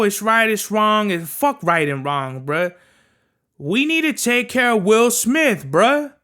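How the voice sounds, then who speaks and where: A man's voice: a little high, pushed and bright, clean tone. A young man hosting a podcast, ranting in a casual, profane, emphatic way and tacking "bruh" onto nearly every sentence. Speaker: podcast host. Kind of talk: casual opinion rant.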